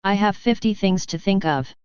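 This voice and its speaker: A woman's voice: medium pitch, moderate pace, a little mellow, clear, resonant tone, no echo, highs cut off, natural voice. A woman reading the lines of an earnest, troubled young male ox driver in an audiobook, in an earnest, pleading manner.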